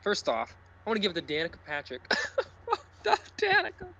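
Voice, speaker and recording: A man co-hosting a casual sports podcast, ranting loudly, sarcastic and profane. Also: a little high, expressive, racing, lo-fi sound. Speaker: podcast co-host.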